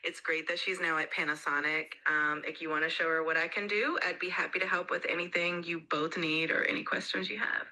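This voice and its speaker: A woman voicing a bright, cheerful AI assistant. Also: deep voice, flat delivery, fairly quick, few pauses, poor audio. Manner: cheerful, polite, helpful. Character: upbeat female AI voice assistant.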